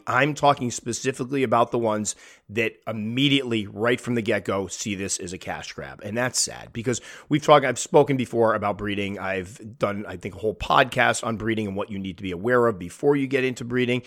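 A man's voice: medium pitch, brisk, a bit bright. A man hosting a hobby podcast, talking candidly and animatedly, acting out the people he quotes. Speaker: podcast host. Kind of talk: casual podcast monologue.

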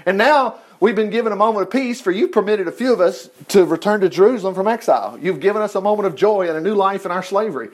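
A man preaching a conversational sermon, reading scripture aloud with lively, digressive asides and quips. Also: sits high, quick pace, few pauses.

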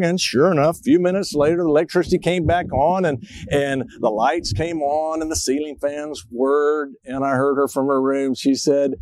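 A man's voice: on the high side, fairly even intonation, moderate pace, few pauses, a little mellow, no echo, rough recording. A middle-aged man preaching a reflective sermon as a pastor, telling stories. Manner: storytelling, reflective, acts out a child's voice in quotes.

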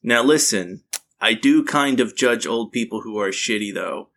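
A man's voice: fairly low pitch, moderate pace, fairly bright tone. A man co-hosting a podcast, joking crudely and telling stories in casual chat. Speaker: podcast co-host.

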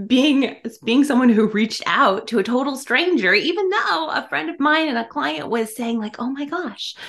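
A woman's voice: a little high, a bit bright. A woman being interviewed as a podcast guest. She talks in an effusive, casual way and laughs often.

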